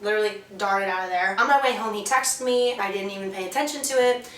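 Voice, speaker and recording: A woman's voice: medium pitch, fast talker, slight background noise. Young woman telling a profane story, echoey. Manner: candid, profane, lively storytelling. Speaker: vlog co-host. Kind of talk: casual storytelling. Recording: echoey room, mic far off.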